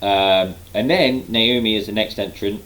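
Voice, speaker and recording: A man's voice: fairly low pitch, a little slow, a bit bright, rough recording. A man casually recapping a wrestling show, rambling with lots of fillers like um and like. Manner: rambling, heavy use of um and like. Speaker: wrestling reaction vlogger.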